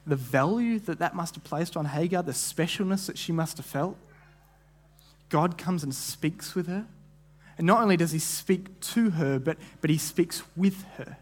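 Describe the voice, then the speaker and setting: An earnest man preaches a sermon as a guest speaker, with a voice pitched somewhat high for a man. He often repeats words as he restarts a phrase, and he slips into quick imagined voices to act out what people might have said.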